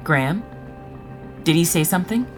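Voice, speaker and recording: An actress playing a formal, insistent female alien custodian who gives orders calmly in an audio drama. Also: on the low side, normal speed, music in the background, close to an everyday voice. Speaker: custodian of released prisoners.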